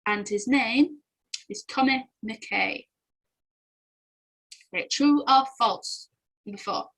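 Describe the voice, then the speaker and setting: A woman's voice: a little high, slow pace, a bit bright, rough recording. A young woman, chatting casually as she goes through quiz answers and laughing often. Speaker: quiz host.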